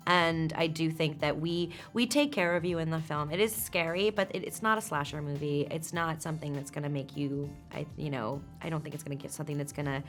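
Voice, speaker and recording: A woman actress answering junket questions, halting and self-deprecating with frequent laughs. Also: low voice, fairly bright tone, faint music behind. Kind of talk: press junket interview.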